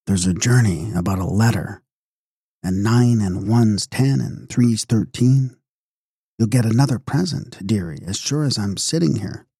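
A man voicing a stout, tipsy middle-aged fortune-teller woman who repeats herself in a slow drawl. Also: lowish voice, gravelly, dark tone, breathy edge, dry recording, clean studio sound, full character voice. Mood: droning. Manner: drawling, repetitive.

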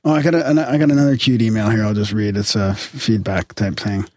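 A man's voice: on the low side, steady tone, fast talker, darkish tone, dry recording. A man co-hosting a podcast, casually reading listener emails aloud with chuckles and restarts. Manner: laid-back, reads aloud with chuckles and restarts.

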